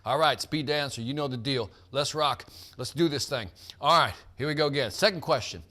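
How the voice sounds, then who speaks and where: A man's voice: medium pitch, a little fast, bright, forceful tone. A man hosting a live sales team quiz, hyped and joking, calling out players by name.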